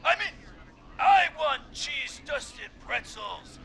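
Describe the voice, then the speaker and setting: An actor playing a teenage prank caller who fakes a creepy old killer's voice in a whispered, gravelly rasp, then drops into bratty mockery. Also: male voice, very high-pitched, sing-song, slow, bright, forceful tone, some chatter behind, a little hiss or hum, exaggerated voice. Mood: faltering threats. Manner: menacing then bratty and mocking.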